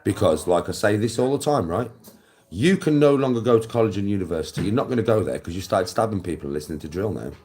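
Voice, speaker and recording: A middle-aged English man rants at the camera in a low voice that swoops up and down. His talk is coarse and full of swearing, and he lectures the viewer directly as a live-stream host. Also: quick pace. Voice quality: coarse, swearing, lively delivery. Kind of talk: blunt ranting monologue.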